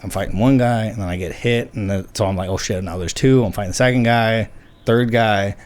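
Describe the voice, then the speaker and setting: A man's voice: lowish voice, fairly quick. A man co-hosting a casual podcast, telling stories with lots of swearing and acting out what people said. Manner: swearing, animated storyteller acting out quotes. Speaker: podcast co-host. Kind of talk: casual storytelling chat.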